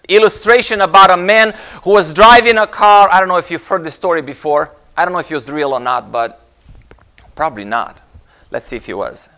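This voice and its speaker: A man preaching a sermon, telling jokes and stories in an animated way. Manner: storytelling with jokes, animated rises in pitch.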